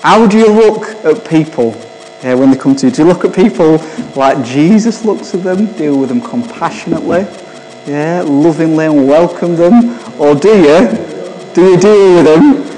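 A man's voice: fairly high pitch, animated, normal speed, warm tone, faint music behind. A man preaching an informal sermon, chatty and often asking the listeners questions. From England. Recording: long hall reverb.

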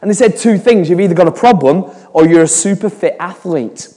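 A man's voice: high-pitched, brisk, dark tone, long reverb tail. A man in his forties giving a chatty sermon, telling stories with frequent restarts. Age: 40s. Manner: chatty storytelling with repeated restarts. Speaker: preacher.

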